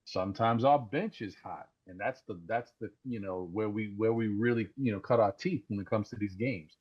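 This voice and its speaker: Excited man calling in on a lo-fi line. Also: on the low side, moderate pace, breathy edge. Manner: excited, rambling, repeats words. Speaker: caller. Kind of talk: casual call-in sports talk. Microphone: Discord voice call. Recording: dull lo-fi call audio.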